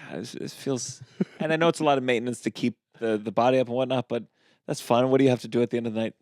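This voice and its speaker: A man hosting a comedy podcast, asking quick questions and adding jokey interjections. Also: mid-range voice, fairly even intonation, a little mellow, dry recording, studio quality. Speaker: podcast host. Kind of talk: casual podcast chat.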